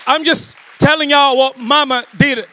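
A man preaches a sermon, starting with a family story told in a low, quiet voice before rising into shouted exhortation. His tone stays steady and his pace a little slow, with a faint crowd audible.

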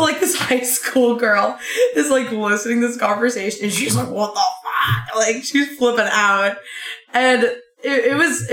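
A young woman telling a rambling work story in a casual chat, full of "like"s. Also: a little high. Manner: rambling, animated anecdote with many "like"s. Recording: echoey room.

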